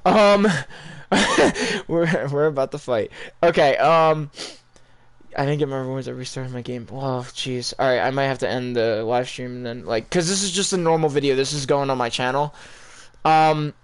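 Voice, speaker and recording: A man's voice: mid-range voice, moderate pace, clean tone. A young man chatting casually over his gameplay, rambling and talking straight to his viewers. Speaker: gaming YouTuber.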